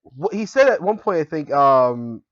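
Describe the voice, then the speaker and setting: A man co-hosting a casual gaming news chat, telling stories quickly and acting out quotes. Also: fairly high pitch, dull audio. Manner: rapid, animated storytelling with acted-out quotes. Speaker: co-host.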